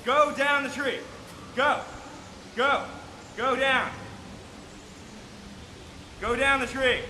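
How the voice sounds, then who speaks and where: A man's voice: extremely high pitch, fairly even intonation, very slow, bright, forceful tone, roomy sound, big-room sound, slight background noise. A man up in a tree outdoors, firmly and repetitively coaxing a cat to climb down. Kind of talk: coaxing an animal.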